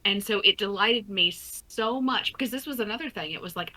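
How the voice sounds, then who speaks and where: A woman's voice: medium pitch, brisk, pushed and bright, rough recording. A woman co-hosting a podcast, chatting with an enthusiastic and encouraging manner. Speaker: co-host and player. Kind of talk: casual podcast chat.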